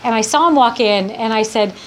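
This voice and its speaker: A woman's voice: a little high, a little fast, a bit bright, slight background noise. A woman giving a heartfelt personal testimony to a live audience, rambling with many restarts. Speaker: speaker sharing her recovery story.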